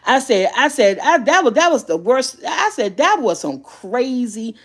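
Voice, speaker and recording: A middle-aged woman vlogger telling a story in a casual chat, animated and often laughing. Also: fairly high pitch, a little slow.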